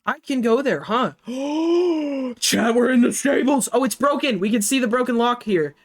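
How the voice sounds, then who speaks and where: A woman streamer reading a story game aloud, with excitable, chatty asides to her viewers. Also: a little high, a little fast.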